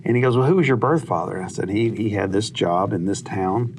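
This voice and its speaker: A man who is a minister, telling a lively story on a TV talk show and acting out the dialogue. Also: lowish voice, brisk, a little hiss or hum. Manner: animated anecdote-teller who acts out dialogue. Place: TV studio.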